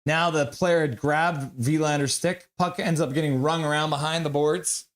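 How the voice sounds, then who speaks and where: A man's voice: a little high, fairly even intonation, moderate pace. A man giving live hockey play-by-play commentary for his stream audience, reading viewer chat aloud.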